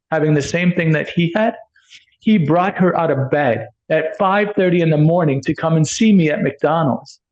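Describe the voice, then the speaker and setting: A man's voice: on the high side, a little mellow. A man telling a personal healing story in a rambling, enthusiastic way, acting out bits of dialogue. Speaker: energy healer telling his story. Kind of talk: casual storytelling monologue. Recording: dull lo-fi sound.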